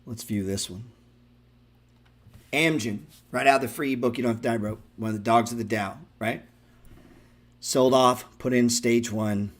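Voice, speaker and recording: A man's voice: medium pitch, normal speed, pauses often. A man hosting a stock trading show, giving loose, profane live market commentary and talking straight to his viewers. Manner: excitable, profane, talks to viewers directly.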